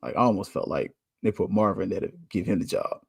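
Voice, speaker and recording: A man hosting a podcast, talking candidly in a casual monologue, chatty and quick to laugh. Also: sits low, lively intonation, gravelly, breathy edge, no room sound, clean studio sound. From United States. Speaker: podcast host.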